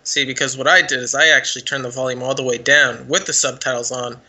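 A man's voice: medium pitch, steady tone, quick pace, noisy background. A man co-hosting a casual podcast, joking around and offering his reading of a film's themes. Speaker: podcast co-host. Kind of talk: casual chat.

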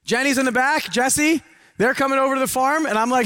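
A middle-aged man giving a live, preachy seminar talk to an audience, swinging between loud urging and hushed asides. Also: very high-pitched, fairly quick, smooth, dry recording, studio quality. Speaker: motivational speaker. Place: event hall with a live audience.

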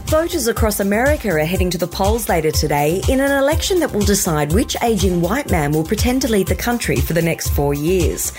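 A woman reading satirical news headlines in a deadpan newsreader manner. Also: on the low side. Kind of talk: scripted comic news read.

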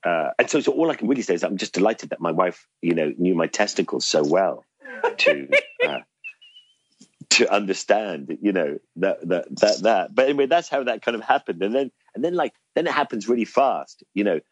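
Husky, low-voiced man. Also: lively intonation, moderate pace, no echo, highs cut off. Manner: rambling, self-deprecating, laughs often. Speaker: interview guest. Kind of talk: casual anecdotal storytelling.

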